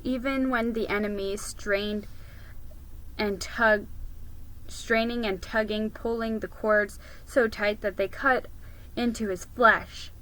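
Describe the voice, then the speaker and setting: Slow bright-voiced woman reading aloud. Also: fairly high pitch, rough recording. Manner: unhurried reading with slips and restarts. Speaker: reader. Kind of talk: storybook read-aloud.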